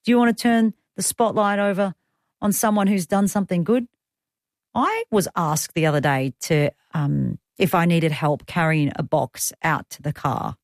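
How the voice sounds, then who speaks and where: A woman's voice: on the low side, fairly even intonation, moderate pace, dry recording, clean studio sound. A woman in her thirties with an Australian accent, hosting talkback radio in a chatty way with self-deprecating asides. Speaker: radio host.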